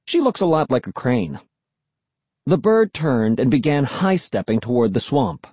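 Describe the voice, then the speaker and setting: A man's voice: medium pitch, very animated, unhurried, darkish tone, no room sound. A man narrating a children's story in the first person, expressively and close to the mic. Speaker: audiobook reader.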